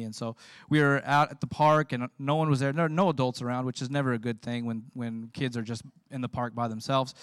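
A man preaching a sermon as the pastor, telling lively stories and laughing as he goes. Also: medium pitch, clean tone, no room sound. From California. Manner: storytelling, animated, laughs often.

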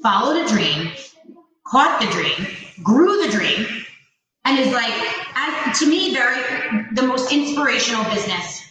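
Chatty woman co-host, bright and echoey. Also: on the high side, big pitch swings, unhurried. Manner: chatty, many "like" fillers. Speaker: podcast co-host. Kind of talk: casual live chat. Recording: echoey room, far from the mic.

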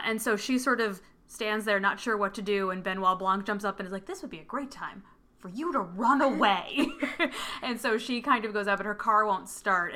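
A woman in casual chat, retelling a film's plot and acting out the characters' lines. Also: medium pitch. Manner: animated, acts out characters' lines while retelling. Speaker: podcast co-host. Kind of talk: casual film recap chat. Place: home with a cat nearby.

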